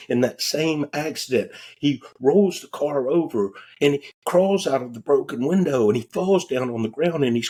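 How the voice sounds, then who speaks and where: A man's voice: medium pitch, a little mellow, slightly rough. A man who is a guest on a podcast, telling a story in a casual, candid way and cursing now and then. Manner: casual and candid, swears freely. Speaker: guest, transformational coach. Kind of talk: conversational storytelling.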